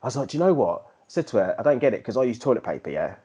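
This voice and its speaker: A man, co-hosting a podcast and telling animated, slangy stories in casual chat. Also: medium pitch, racing, breathy edge. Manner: animated storyteller, slangy, slips into put-on MC voices. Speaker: podcast co-host.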